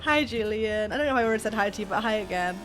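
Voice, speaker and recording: A young woman from near Birmingham with a softened Birmingham accent, chatting fast and a bit mumbly as she co-commentates a game stream. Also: mid-range voice, expressive, slight background noise. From England, near Birmingham. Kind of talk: casual chat over gameplay.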